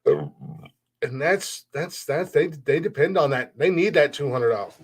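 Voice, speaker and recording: A man's voice: fairly high pitch, big pitch swings, measured pace, slightly rough. Blunt, profane man ranting on a podcast. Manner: blunt, profane, heated, with frequent restarts. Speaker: podcast host. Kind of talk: opinionated solo podcast rant.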